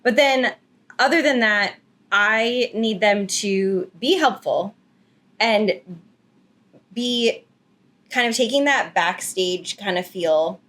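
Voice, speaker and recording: A woman co-hosting a photography podcast in casual chat, talkative and quick to laugh. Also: medium pitch, fairly bright tone. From United States. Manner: chatty, giggly, lots of "like" fillers.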